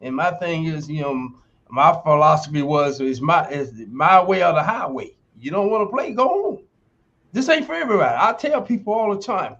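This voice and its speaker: An older man in his sixties tells stories as a podcast guest in a slightly high voice. He speaks emphatically and acts out the quoted lines of other people. The sound is dull and lo-fi, like a streamed call. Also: a bit bright. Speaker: former football player and university sports instructor.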